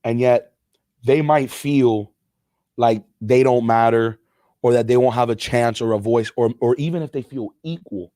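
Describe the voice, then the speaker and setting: A man's voice: medium pitch, a little slow, warm tone, no room sound, studio quality. A man co-hosting a casual podcast, laid-back and slangy, talking straight to the listeners. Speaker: podcast co-host.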